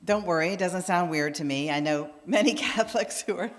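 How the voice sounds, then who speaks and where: A woman minister tells a story from the pulpit, bringing the people she quotes to life in their own voices. Her voice sits on the low side, and a long reverb from the church sanctuary trails after her words. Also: a little fast, heavy background noise. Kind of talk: sermon with storytelling.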